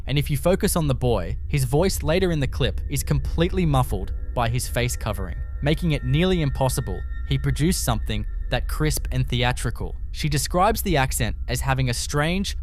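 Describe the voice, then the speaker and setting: A man narrating a horror compilation in a slow, ominous storytelling style, with scripted delivery. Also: mid-range voice.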